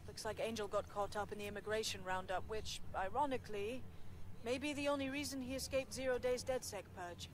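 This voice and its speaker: A woman's voice: on the high side, fairly even intonation, natural voice. An actress voicing a determined resistance leader briefing her team in a video game. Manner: brisk, businesslike briefing. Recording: game audio with background noise.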